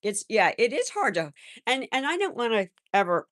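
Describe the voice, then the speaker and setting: An older woman hosting a live stream, chatting in a gentle, rambling way and answering viewers' comments. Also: fairly high pitch, big pitch swings, normal speed, no room sound, studio quality. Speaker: livestream host. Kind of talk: casual live-chat talk.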